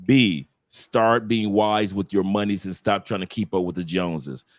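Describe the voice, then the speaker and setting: A man's voice: on the low side, moderate pace, dry recording. A man from the United States, a podcast guest talking casually and emphatically, lecturing the audience directly.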